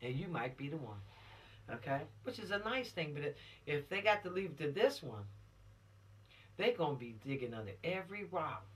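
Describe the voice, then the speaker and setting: A man's voice: a little high, very animated, moderate pace, fairly bright tone, distant mic. A man giving a casual spoken lesson to teenagers, preachy and direct, often asking rhetorical questions. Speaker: teacher of a law video series for teens.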